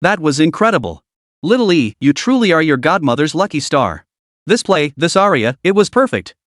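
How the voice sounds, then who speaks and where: A man's voice: fairly high pitch, very animated, moderate pace, fairly bright tone, no echo, clean studio sound. A man voicing a passionate young female opera performer, talking eagerly with a tremble. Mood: thrilled.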